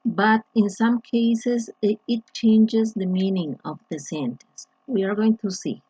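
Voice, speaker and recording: Slow, careful woman teaching English. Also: mid-range voice, warm tone, breathy edge, dry recording. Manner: slow, deliberate, with frequent restarts and fillers. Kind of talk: grammar lesson explanation. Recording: dull lo-fi, dry sound.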